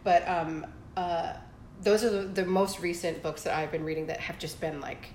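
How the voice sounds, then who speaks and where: A woman's voice: fairly low pitch, fairly even intonation, moderate pace, darkish tone, echoey room, slight background noise. Dreamy-voiced woman podcast co-host. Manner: dreamy, enthusiastic, many "like" fillers. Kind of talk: casual chat.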